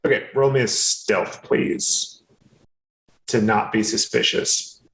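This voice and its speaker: A man narrating as game master, halting often and filling with ums. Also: fairly low pitch, fairly even intonation, vocal fry, a bit bright, poor audio. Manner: halting, filler-heavy narration.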